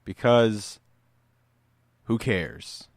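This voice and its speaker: Lower-voiced male co-host, deadpan sarcastic jabs at the movie. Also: very slow, no echo. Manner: sarcastic, blunt, swears. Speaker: podcast co-host. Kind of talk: casual movie commentary.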